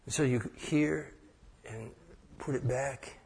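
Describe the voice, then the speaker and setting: A man's voice: mid-range voice, takes it slowly, gravelly, darkish tone, husky. A man preaching an informal sermon as pastor, folksy and joking, acting out short prayers. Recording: echoey hall with long reverb.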